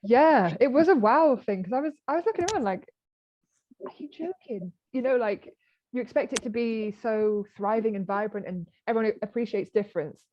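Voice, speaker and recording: British woman, 30s, animated storyteller guest, dry lo-fi recording. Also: fairly high pitch, fairly quick, no echo. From Britain. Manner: animated storytelling, acting out quoted exchanges. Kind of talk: conversational interview.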